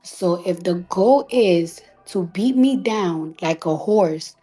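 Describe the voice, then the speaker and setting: A woman's voice: on the low side, lively intonation. Defiant woman, emphatic and profane. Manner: slows to a hushed whisper at times. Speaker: recording artist. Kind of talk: emotional monologue on a live audio chat.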